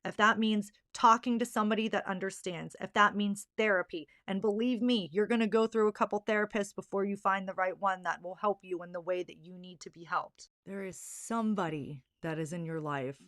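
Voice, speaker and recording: A woman's voice: mid-range voice, steady tone, brisk, few pauses, a bit bright, no echo, studio quality. A young woman hosting her own podcast, speaking candidly and earnestly, getting worked up and emphatic about the subject. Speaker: podcast host. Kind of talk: candid solo podcast talk.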